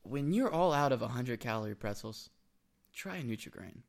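A man's voice: medium pitch, animated, normal speed, vocal fry. A young man co-hosting a casual comedic chat, joking and acting out text messages in quoted voices. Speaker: co-host. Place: indoor room with laptop.

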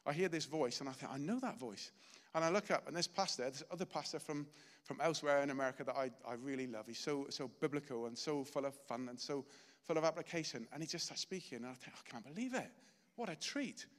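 A man's voice: medium pitch, fast talker, in a large hall. A middle-aged man giving a sermon, telling a personal story in an earnest, chatty way. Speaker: preacher.

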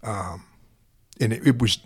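A man in law enforcement telling a painful personal story in an interview, halting and repeating himself. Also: on the low side, slightly rough. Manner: halting, repeats words, quiet and heavy then louder when animated.

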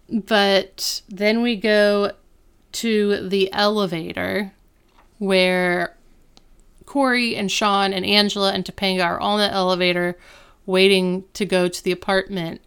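A young woman co-hosting a podcast, retelling a TV episode in quick, casual chat full of "like.". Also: mid-range voice, a bit bright, clear, resonant tone. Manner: chatty, quick retelling with lots of "like". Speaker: podcast co-host.

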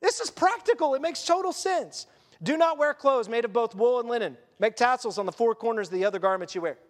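Man, pastor, sermon, high voice, conversational asides, long hall reverb. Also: animated, a little fast.

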